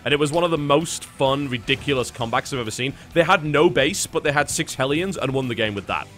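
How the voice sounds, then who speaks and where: A man commentating a live esports match with a bright, forceful voice. He talks in a wry, chatty way. Faint music plays underneath. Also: medium pitch, lively intonation, quick pace. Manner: wry, talkative play-by-play. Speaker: esports caster.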